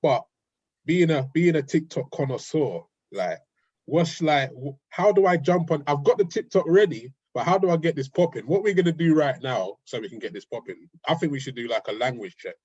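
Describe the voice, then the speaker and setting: A man's voice: on the high side, animated, moderate pace, a little mellow, slightly rough, lo-fi sound. A man from London with a London accent, hosting a casual interview chat in a laid-back, slangy way over a video call. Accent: London English. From England. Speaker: interview host.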